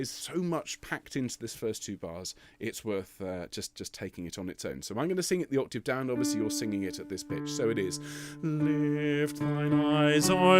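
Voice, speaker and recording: Man coaching a choir, lively pitch. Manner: patient, demonstrates lines by singing them. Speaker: choir director. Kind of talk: online choir rehearsal teaching. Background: piano.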